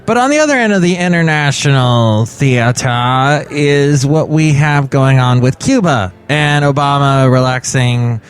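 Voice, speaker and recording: A man hosting a podcast, riffing on the news in a jokey way with big swings in pitch. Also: a little slow, few pauses. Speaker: podcast host. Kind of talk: comic news commentary.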